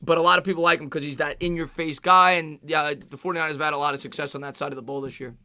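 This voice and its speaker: A man's voice: on the high side, fairly even intonation, rapid-fire, sharp tone, smooth. A man with a New York accent hosting a casual live-stream Q&A, reading viewer questions and answering with lots of fillers and repeated phrases. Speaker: sports stream host.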